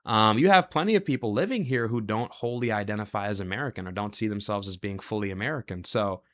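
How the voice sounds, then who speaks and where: A male show host delivering a reaction monologue, asking rapid rhetorical questions and running through long lists of ideas. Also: lowish voice, a bit bright.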